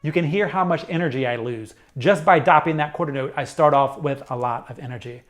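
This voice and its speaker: A middle-aged man teaching a saxophone lesson, explaining jazz articulation step by step in a clear, methodical way. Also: on the high side, fairly quick, soft background music. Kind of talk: instructional music lesson.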